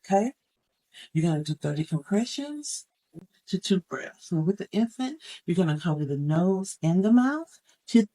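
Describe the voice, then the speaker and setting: A woman with a lowish, dark-toned voice gives a hands-on first aid demonstration, teaching CPR step by step and counting each move aloud as she shows it. The audio quality is poor.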